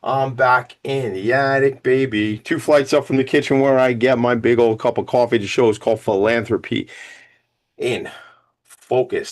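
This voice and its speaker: A man's voice: mid-range voice, fairly even intonation, normal speed. A man hosting a radio talk show, enthusiastic and rambling, a little out of breath from climbing to his attic studio. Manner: enthusiastic, rambling, self-promoting. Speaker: podcast host.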